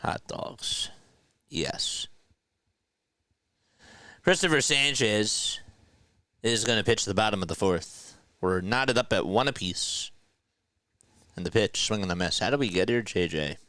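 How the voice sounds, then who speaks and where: A man calls a baseball game live for his stream, his voice low and smooth. He chats with his viewers between pitches, reading their comments aloud and joking around. The sound is dry and close. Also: animated, moderate pace, bright, forceful tone, dry recording. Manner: jokey, laughs at himself. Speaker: fan play-by-play streamer. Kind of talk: casual live play-by-play commentary.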